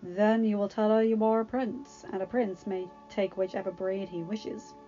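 A woman's voice: medium pitch, level tone, normal speed, mellow, natural voice. A woman voicing a wry, teasing palace captain who gives a prince fatherly advice. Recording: dull lo-fi recording, faint music.

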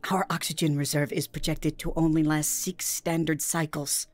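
A woman's voice: low-pitched, level tone, moderate pace, dry recording, faint music behind, lightly acted. A woman voicing an anxious female scientist who speaks in an urgent, pressing way, in a scripted audio story.

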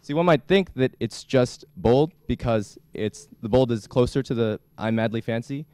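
A young man giving a classroom lecture as a student instructor, talking in a halting way with many restarts. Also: mid-range voice, darkish tone, smooth, no echo. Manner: halting, frequent restarts and fillers. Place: lecture hall.

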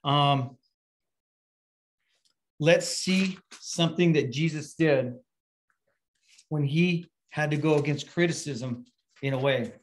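A man's voice: a little high, slow, pauses often. A middle-aged man preaching a casual, conversational sermon, telling stories with many fillers and restarts. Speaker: pastor.

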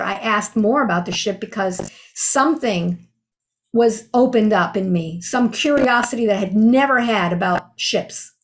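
A woman in her sixties recounts a deeply personal experience with earnest feeling. Her voice sits a little high for a woman, and her delivery is casual and heartfelt. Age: 60s. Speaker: storyteller sharing a spiritual experience.

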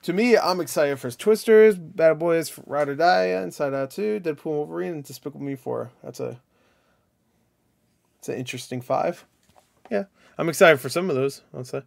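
A man's voice: on the high side, moderate pace, vocal fry. Joking young man streaming live. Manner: joking, crude, swings from mumbling to loud mock outbursts. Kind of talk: casual live-stream chat reading viewer comments.

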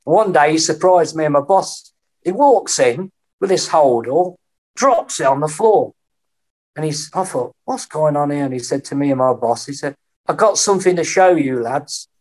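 A middle-aged man, a podcast guest telling lively anecdotes in casual conversation and acting out the voices he quotes. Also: a little high, moderate pace. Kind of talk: storytelling in a casual interview.

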